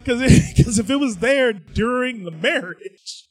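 A man co-hosting a comedy podcast in casual chat, loud and joking, often laughing. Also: lively intonation, unhurried, soft background music. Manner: high-pitched. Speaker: podcast co-host.

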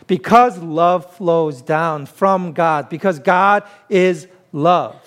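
A man with a high-pitched voice delivering a sermon as a pastor. He talks in a conversational, emphatic way and leans into plain everyday examples. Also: takes it slowly, fairly bright tone, smooth. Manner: conversational, emphatic preaching with self-deprecating humor.

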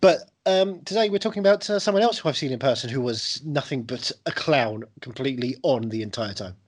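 Male podcast co-host, husky, jokey and sweary. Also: medium pitch, lively intonation. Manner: jokey, sweary, quick impressions. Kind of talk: casual chat.

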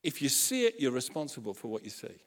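A man preaching a sermon, telling a story with lively acted-out quotes and frequent restarts. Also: mid-range voice, quick pace. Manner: animated storytelling, acts out quotes, self-correcting restarts. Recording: long hall reverb.

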